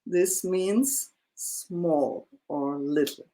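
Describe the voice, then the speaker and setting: A teacher, patiently tutoring one student, slow and full of fillers. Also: mid-range voice, a crowd in the background. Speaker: German teacher. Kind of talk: one-on-one language lesson.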